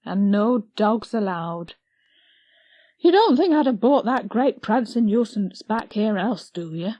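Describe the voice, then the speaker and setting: A bustling, gloomy village wife, as a woman reader puts her on, grumbling in broad country dialect at an unhurried pace. Her pitch swings widely as she complains. The storybook recording is dry and close. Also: expressive, mellow, no echo. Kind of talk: audiobook character voice.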